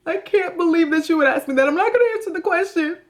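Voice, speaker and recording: A woman's voice: sits high, fairly quick, a bit bright, pitched above the performer's own voice. Woman mocking a weepy cheating girlfriend. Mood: mock tearful. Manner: dramatic mock sobbing, deflecting. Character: tearful young woman dodging a cheating question. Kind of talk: mocking impression.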